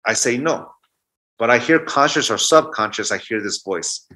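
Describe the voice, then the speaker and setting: Brief: man in his 40s, middle pitch, bright tone, musing storyteller on an interview. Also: expressive, moderate pace. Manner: anecdotal, restarts mid-thought. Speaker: guest speaker. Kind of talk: reflective storytelling talk.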